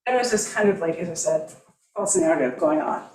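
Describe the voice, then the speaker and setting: A woman's voice: lowish voice, expressive, a little fast, reverberant, over a noisy crowd, poor audio. A middle-aged woman making an emotional, rambling, apologetic public comment at a podium in a town meeting room. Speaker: homeowner speaking at a public hearing.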